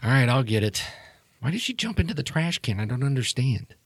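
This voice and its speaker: A man's voice: medium pitch, big pitch swings, brisk, husky, no echo, clean studio sound. A man voicing an easygoing, somewhat sheepish young man in a tabletop game, casual and joking.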